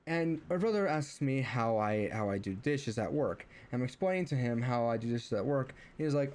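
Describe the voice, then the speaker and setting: A man's voice: mid-range voice, lively intonation, normal speed, hardly any pauses, darkish tone. A young man venting in a casual story, rambling with many false starts and fillers. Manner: exasperated, venting. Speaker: streamer.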